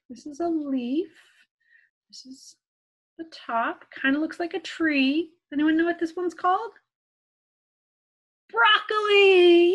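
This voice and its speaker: A young woman leading a children's story time as librarian, gently coaxing her young listeners with questions. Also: on the high side, slightly rough.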